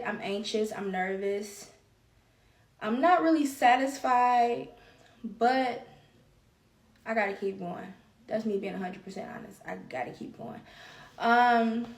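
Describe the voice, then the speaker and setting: A woman's voice: a little high, far from the mic. A woman hosting her own podcast, talking candidly and at length about her feelings, repeating phrases for emphasis. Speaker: podcast host. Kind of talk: solo confessional podcast talk. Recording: roomy echo.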